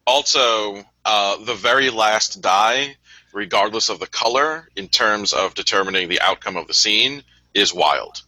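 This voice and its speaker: A man's voice: lowish voice, a little slow, sharp tone, dry recording, low-quality recording. A man casually explaining tabletop game rules to friends on a voice call.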